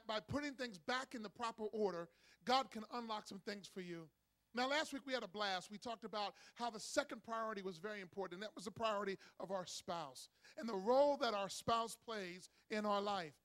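A middle-aged man preaching a sermon as pastor, energetic and calling on the congregation to respond. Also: high voice, a little fast. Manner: acts out voices in a joke with rising excitement. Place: church.

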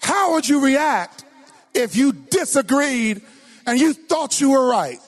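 Preacher guy, really high voice, slow drawn-out delivery, shouts and half-sings to the crowd. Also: expressive. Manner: preaching with call-and-response, swings from slow to shouted and sung lines. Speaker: pastor. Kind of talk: sermon.

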